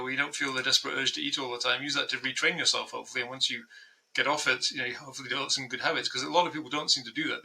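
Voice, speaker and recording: A man hosting a casual conversation, who explains his points lively and with everyday examples. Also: mid-range voice, vocal fry, low-quality recording. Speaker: host.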